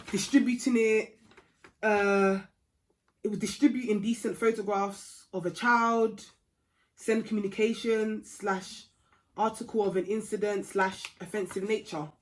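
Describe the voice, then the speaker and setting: A woman's voice: medium pitch, unhurried, long pauses, a little hiss or hum. Chatty young woman telling a story. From England. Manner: chatty and animated, swings from hushed to loud and heated. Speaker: vlogger. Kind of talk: storytime vlog.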